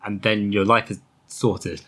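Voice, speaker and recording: A man on a comedy podcast, making contrarian, deliberately absurd claims. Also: on the low side, flat delivery, a loud crowd.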